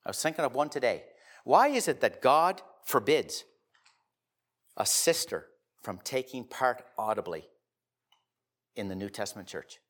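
A man preaches a sermon, relating a personal story conversationally, sinking into quiet, confiding tones and then rising into loud, emphatic bursts. His mid-range voice is sing-song and measured, with frequent pauses.

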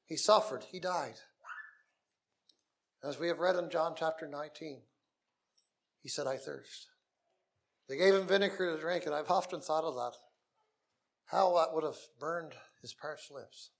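A man's voice: on the high side, moderate pace, vocal fry, pauses often. A man preaching a gospel sermon in an earnest way, repeating key phrases and dropping to a near whisper on the most solemn lines.

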